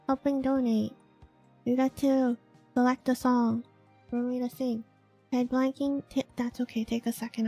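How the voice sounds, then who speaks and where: A woman's voice: a little high, darkish tone, breathy edge. A woman from Hong Kong chatting casually with her live-stream chat, laughing often and reacting to viewers. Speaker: VTuber streamer.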